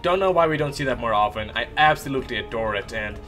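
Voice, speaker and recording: A young man, an esports shoutcaster with a sore throat, telling a rambling, animated story between matches. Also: mid-range voice, fast, soft background music. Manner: animated, rambling anecdote with lively voiced asides.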